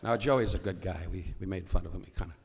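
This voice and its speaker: An older man with a low, gravelly voice, telling stories from a stage. He rambles and wisecracks, breaking off mid-sentence to start over. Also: fast talker. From New York. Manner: rambling, self-interrupting, wisecracking. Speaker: comedian guest. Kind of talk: on-stage storytelling conversation. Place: stage before a live audience.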